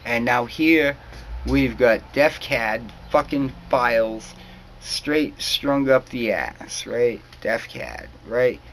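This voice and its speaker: A man's voice: medium pitch, lively intonation, takes it slowly, a bit bright, low-quality recording. Young guy ranting and swearing, rambly, heated, bit of background hiss. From New England. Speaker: vlogger. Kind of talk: ranting monologue to camera.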